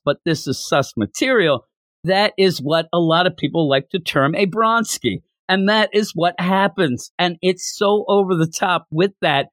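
A man hosting a podcast, recapping a comic-book chapter with animated storytelling. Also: fairly high pitch, dry recording, studio quality. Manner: animated storytelling, acting out lines. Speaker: podcast host.

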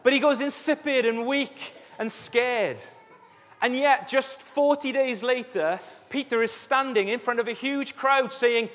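A man preaching a sermon as a pastor, telling Bible stories in a lively way and acting out the scenes. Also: extremely high pitch, a little slow. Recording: echoey hall reverb.

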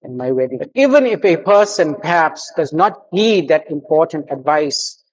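Guy preaching about marriage, high voice, tells a funny story then gets earnest. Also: expressive, moderate pace, slightly rough, poor audio. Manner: storytelling with humor, exhortative. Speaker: mufti giving a marriage sermon. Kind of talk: sermon.

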